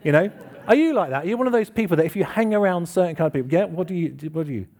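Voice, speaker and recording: Lively, chatty preacher. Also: male voice, sits high, racing. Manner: chatty, self-deprecating, asks the congregation questions. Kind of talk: informal church sermon. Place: church hall with congregation.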